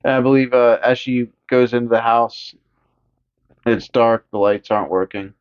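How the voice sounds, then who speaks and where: A man in casual podcast chat walks through a movie scene by scene, mid-pitched and easygoing. His retelling is loose and profane. The audio is a bit dull and lo-fi. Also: steady tone, normal speed, clean tone. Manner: profane, jokey retelling with squeaky put-on voices for characters. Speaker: podcast co-host.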